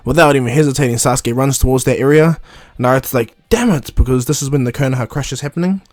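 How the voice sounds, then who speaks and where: A man's voice: medium pitch, steady tone, rapid-fire, darkish tone, no room sound, studio quality, soft background music. A man retelling a fan story casually, rambling with many fillers and restarts.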